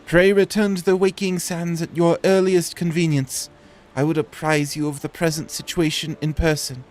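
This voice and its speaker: A poised young woman leader speaks in formal, stately tones, voiced by a man. Her voice sits high and carries a measured courtesy. Soft game music plays beneath. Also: flat delivery, natural voice. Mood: gracious. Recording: faint game music behind.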